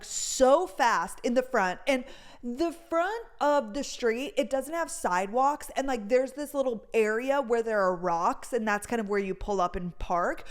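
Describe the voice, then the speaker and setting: A young woman hosting a podcast, telling a story in a chatty, animated way and saying "like" a lot. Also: fairly high pitch. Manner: chatty, heavy on "like," animated retelling. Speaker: podcast host. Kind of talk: casual storytime chat.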